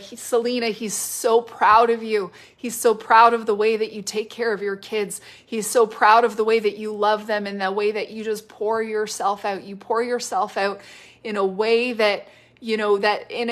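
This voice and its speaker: A woman giving spontaneous prophetic ministry on a live stream, speaking gently and haltingly, repeating her phrases and filling pauses with "like" and "you know". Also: mid-range voice. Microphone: live-stream device mic.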